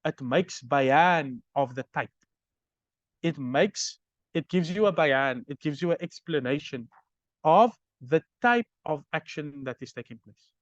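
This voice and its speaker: A man's voice: fairly high pitch, expressive, measured pace, dry recording, lo-fi sound. A man teaching Arabic grammar in a recorded lecture, explaining step by step and often checking understanding with "right?".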